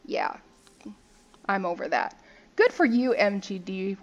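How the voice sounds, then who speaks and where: A woman's voice: medium pitch, very animated, slow, long pauses, dull audio. A young woman casually commenting as she opens card packs, reading card text aloud and joking about the artwork. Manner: chatty and playful, reads card text aloud and jokes about the art. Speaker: gaming video host.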